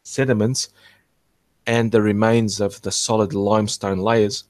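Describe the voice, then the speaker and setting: A man hosting an archaeology channel, talking through fossil features in a rambling, halting, self-correcting way. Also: fairly low pitch, little pitch movement, a little mellow, no room sound. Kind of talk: casual explanatory commentary.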